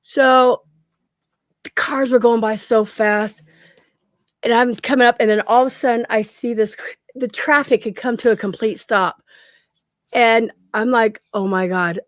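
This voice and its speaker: A woman's voice: a little high, fairly even intonation, unhurried, long pauses, no room sound, clean studio sound. A middle-aged woman telling a story in a casual chat at home, acting out the quoted lines and laughing often. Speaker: guest.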